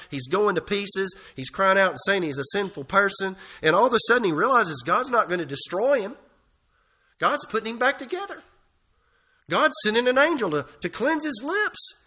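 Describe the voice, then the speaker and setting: Pastor, male, bright high voice, earnest sermon delivery with emphatic swells. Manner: earnest preaching, rising to emphatic peaks. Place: church.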